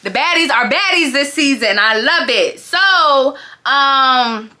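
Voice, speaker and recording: A woman giving a casual, gossipy recap of a reality show, talking in an animated, slangy way. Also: sits high, moderate pace, background noise.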